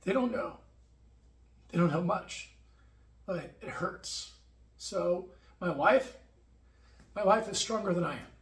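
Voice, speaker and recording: A man talking earnestly to camera in a personal video diary, halting and emotional, with many restarts. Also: high-pitched, vocal fry. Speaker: firefighter sharing his health experience. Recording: echoey room.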